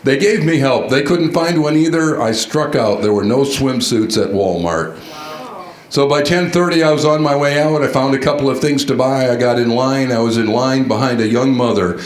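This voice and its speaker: A man giving a storytelling keynote at a conference, animated and quizzing the audience with questions. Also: mid-range voice. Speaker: conference speaker. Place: large conference hall. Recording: echoey hall sound.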